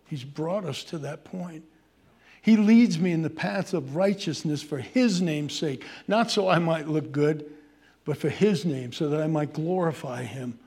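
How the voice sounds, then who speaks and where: A man preaching a sermon, swinging from loud emphasis to hushed pleading as he addresses his congregation. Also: fairly high pitch, measured pace. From Irish heritage. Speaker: pastor.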